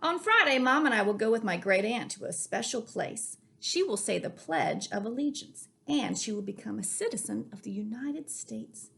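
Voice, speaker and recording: A woman reading a children's picture book aloud in an expressive read-aloud manner. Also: fairly high pitch, moderate pace, vocal fry, hardly any pauses, slightly rough. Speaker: reader. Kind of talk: storybook reading.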